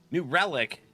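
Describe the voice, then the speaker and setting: Brief: male game streamer, bright forceful tone, chatty, laughs a lot, faint music underneath. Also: sits high. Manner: chatty, laughs often, clears throat. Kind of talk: casual live-stream chat.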